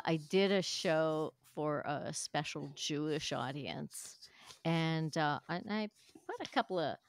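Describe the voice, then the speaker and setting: A woman's voice: deep voice, no echo, studio quality. Older woman cracking punchy stand-up jokes. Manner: punchy joke delivery, acts out quoted voices. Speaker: comedian guest. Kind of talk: casual chat with stand-up jokes.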